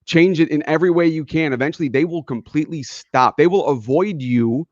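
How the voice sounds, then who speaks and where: A man's voice: a little high, fairly quick, dry recording, lo-fi sound. A man co-hosting a casual motivational talk show, telling earnest stories and acting out the people in them. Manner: earnest, storytelling, acts out quoted people. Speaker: podcast co-host.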